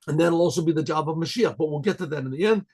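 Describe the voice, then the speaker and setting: Husky-voiced rabbi giving a casual talk. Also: male voice, a little high. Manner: conversational teaching, frequent throat clearing, Hebrew phrases translated. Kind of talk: sermon-style Torah class.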